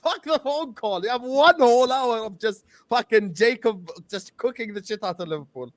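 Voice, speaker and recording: Playful high-voiced host, dry mic. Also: male voice, moderate pace, no room sound. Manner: playful, mock-scolding, mixes in Arabic slang. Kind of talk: hosting a football panel.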